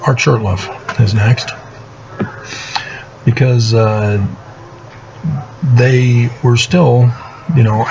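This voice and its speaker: A man telling his own story in a casual monologue, aggrieved and sardonic, halting with many fillers. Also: lowish voice. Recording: muffled lo-fi recording with steady background noise.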